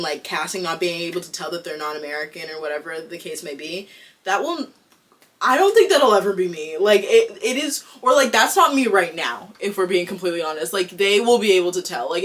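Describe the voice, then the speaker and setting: A young adult woman from Boston with a Boston accent, talking casually to camera as an actor vlogger, chatty and candid with lots of "like". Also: fairly low pitch. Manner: chatty, fills with "like", candid and excitable.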